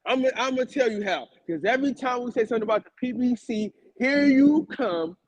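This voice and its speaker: A man's voice: very high-pitched, animated, fairly quick, no echo, muffled recording. A man co-hosting a boxing talk show, arguing heatedly, repeating himself and talking over the others with plenty of swearing. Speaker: podcast co-host. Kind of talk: heated casual argument.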